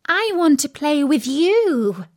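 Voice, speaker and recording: A woman voicing a demanding small girl with a shrill, pleading voice. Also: sing-song, takes it slowly, full character voice. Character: demanding toddler little sister, shrieking.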